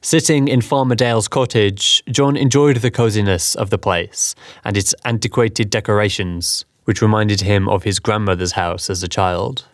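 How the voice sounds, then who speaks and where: A man reading a scripted story aloud in a measured, steady narration. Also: lowish voice, no room sound, studio quality.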